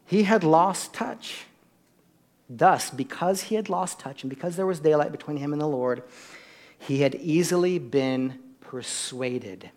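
A man preaching a sermon, shifting from quiet asides to loud, emphatic peaks and questions to the congregation. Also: a little high, unhurried. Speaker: pastor.

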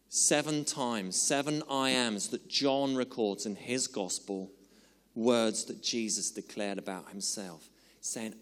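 A male preacher at a mid-range pitch delivers an earnest sermon, drawing out key words before drifting into relaxed, joking asides. His voice rings out in a large hall with a long, trailing reverb. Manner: earnest, slows for emphasis, loosens into chatty humorous asides.

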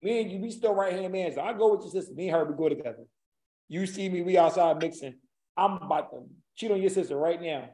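Fast-talking man with a dark voice. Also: high-pitched, poor audio. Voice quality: rambling, repeats "like" often, hypothetical arguing. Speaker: podcast co-host. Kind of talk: casual chat.

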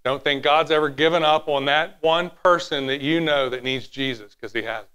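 A man delivering a sermon in a high, bright voice. He is animated, sometimes drops to a hushed tone and acts out little quotes as he preaches. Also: moderate pace, clean tone. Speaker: pastor.

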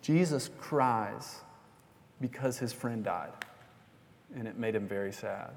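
A man's voice: lowish voice, slow pace, gravelly, slight background noise. A young man preaching a sermon as pastor, telling a story in a conversational way with small jokes and asides. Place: church sanctuary. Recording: long hall reverb.

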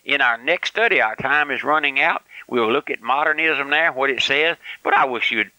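A man's voice: medium pitch, moderate pace, pushed and bright, no room sound, low-quality recording. An older man preaching a fiery, folksy radio sermon with lots of emphatic repetition.

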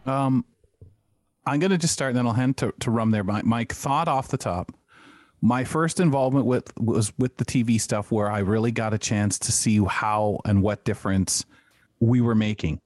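Man, co-host, panel discussion, halting restarts, dry close sound. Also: medium pitch, a little mellow, dry recording.

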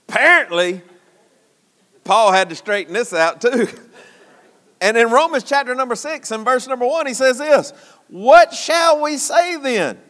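Man preaching, very high voice, lively swings, slow unhurried delivery, long church reverb. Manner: shouting and dropping low, folksy. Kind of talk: sermon.

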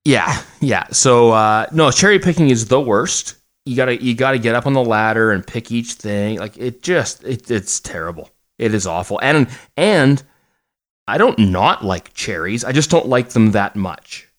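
A man's voice: medium pitch, lively intonation, moderate pace. A middle-aged man co-hosting a podcast, chatting casually with jokes and a lot of restarts. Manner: rambling, joking, many restarts. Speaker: podcast co-host. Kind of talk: casual chat.

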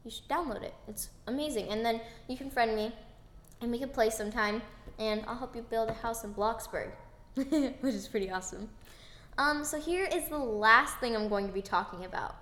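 A woman hosting her own podcast alone, chatting in a bubbly, rambling and excitable way. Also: on the high side, normal speed, reverberant. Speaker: podcast host. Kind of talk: casual solo podcast chat.

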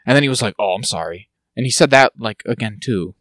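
A man co-hosting a podcast, telling a story in animated casual chat and laughing often. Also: medium pitch, fast talker, no echo, clean studio sound. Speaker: podcast co-host.

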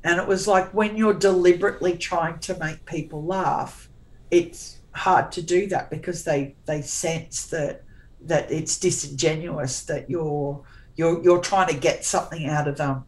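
A woman's voice: deep voice, fairly even intonation, measured pace, a little mellow, low-quality recording. A woman in her forties, a guest author, chatting candidly in an interview in a forthright, sarcastic way, often restarting her sentences.

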